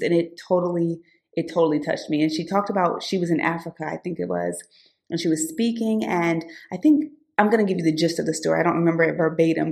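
A woman's voice: on the low side, gravelly, darkish tone. A woman co-hosting a podcast, talking earnestly and personally about her life and goals. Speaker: podcast co-host. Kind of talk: casual podcast chat.

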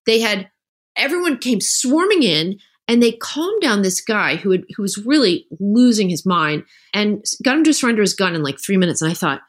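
A woman's voice: medium pitch, moderate pace. A middle-aged woman, an author guest on an interview podcast, talking casually and acting out the voices she quotes. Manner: animated storyteller, acts out quoted voices.

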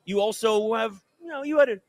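A man with a somewhat high voice talks sports on the radio. He is emphatic and hammers his points by repeating them. His delivery is that of a seasoned talk show regular. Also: brisk, no echo. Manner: emphatic, builds arguments with repetition.

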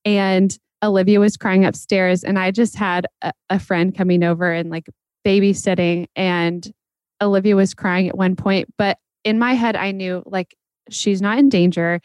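A woman's voice: mid-range voice, fairly even intonation, normal speed, a little mellow, smooth, no echo. A woman host in casual podcast conversation, reflecting on parenting with many fillers.

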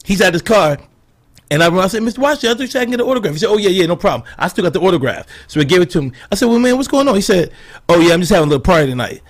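A man with a high voice and a quick pace, telling stories in a loose, profane chat. He acts out the people in his stories as he goes, a comedian holding the floor. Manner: animated, profane, acts out quotes in others' voices. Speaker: comedian guest. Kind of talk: casual storytelling chat.

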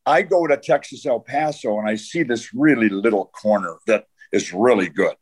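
A man's voice: medium pitch, moderate pace, slightly rough. An older man, a retired coach, telling long anecdotes in a podcast interview, full of "uh" and restarts. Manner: rambling anecdotes with frequent "uh" and restarts. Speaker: guest, retired football coach.

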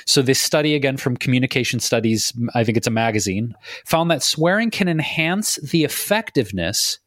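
A middle-aged man talks through a podcast in an animated, emphatic way, now and then acting out how people react. His voice sits at an ordinary pitch for a man. The recording is dry, with no room echo. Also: normal speed. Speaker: podcast co-host. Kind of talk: conversational podcast talk.

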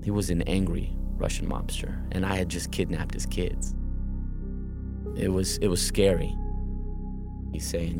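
Man, very low voice, halting first-person storytelling, music bed behind. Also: steady tone. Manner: halting, repeats words when tense.

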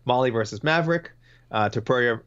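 A man's voice: mid-range voice, fairly quick, fairly bright tone, clean tone, lo-fi sound. A man co-hosting a podcast in casual chat, reading out listener comments and rambling between them.

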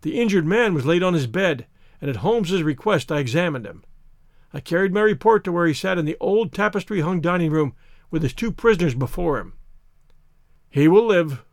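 A man reading a story aloud as narrator, in a steady, measured delivery. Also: a little high, no echo, clean studio sound. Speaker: audiobook narrator. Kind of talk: scripted narration.

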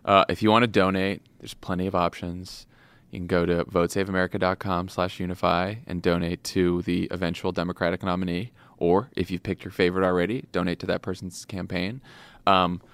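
A man's voice: low voice, fairly bright tone, smooth, no echo. A man hosting a podcast, talking in an earnest, encouraging, conversational way. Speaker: podcast host. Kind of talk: casual political chat.

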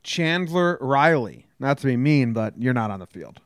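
A New Jersey man hosts a casual sports podcast, his medium-pitched voice swinging widely in pitch at a moderate pace. He talks bluntly and grumpily with some swearing, on a dry, studio-quality recording.

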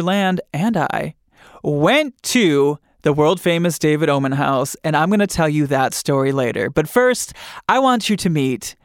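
A man hosting an interview with eager, lively energy, his voice a touch higher than most. It sounds close and dry, with no room behind it. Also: clean tone, dry recording. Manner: eager, animated intro talk. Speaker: podcast host. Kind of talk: casual interview.

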